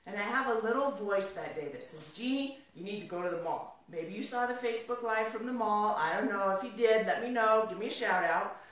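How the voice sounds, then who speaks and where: A middle-aged woman gives a live motivational talk, her slightly high voice lively as she acts out the dialogue in her stories. She is heard from a distance, with heavy echo from the large room around her and the audience in it. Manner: energetic storyteller, acts out quoted dialogue. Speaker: motivational speaker. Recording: echoey room from far off.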